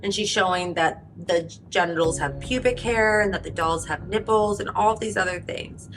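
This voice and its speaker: A woman's voice: mid-range voice, normal speed, background noise. A woman podcast host narrating a court case in a casual, conversational way, reading from transcripts.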